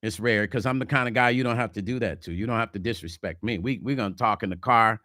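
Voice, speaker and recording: A man hosting a casual livestream vlog, reading viewer comments and talking relationships in a chatty, animated way. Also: fairly low pitch, quick pace, no echo, clean studio sound. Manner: chatty, animated, slips into mock quotes. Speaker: vlog host.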